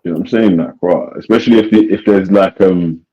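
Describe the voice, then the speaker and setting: A man in casual, slangy, animated podcast chat. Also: deep voice, fast talker. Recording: dull lo-fi recording.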